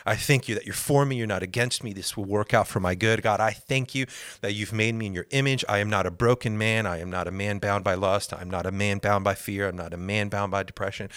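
Low-voiced earnest man teaching faith. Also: fairly even intonation, a little fast, hardly any pauses, fairly bright tone, no room sound, clean studio sound. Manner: earnest, repeats phrases, acts out prayers in first person. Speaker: podcast host.

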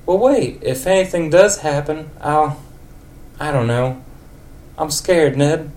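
Give me a man playing a worried old woman in a high, pleading voice. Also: slow, darkish tone. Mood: anxious. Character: fretful old-lady-voiced housewife.

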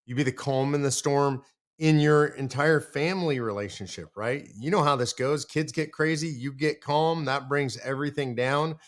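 A man's voice: medium pitch, normal speed. A man from the United States hosting a political commentary monologue, talking earnestly and directly and repeating his points for emphasis. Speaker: show host.

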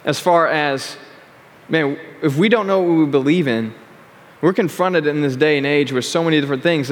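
A young adult man leading a casual youth sermon to a live audience. He talks in a chatty way and keeps checking in with "all right" and "okay". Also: a little high. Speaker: youth pastor. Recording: long hall reverb.

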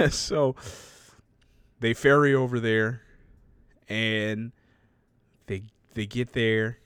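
A man's voice: medium pitch, steady tone, drawn-out words, long pauses, a bit bright, clean tone, no room sound. A man casually recapping a story and acting out the characters' lines, laughing often as he talks.

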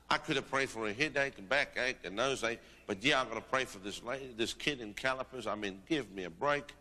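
A middle-aged man preaching, telling a testimony with animated delivery and rising into declamatory prophecy. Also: medium pitch, fairly quick, hardly any pauses. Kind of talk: sermon with testimony and prophetic exhortation. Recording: long reverb of a large hall.

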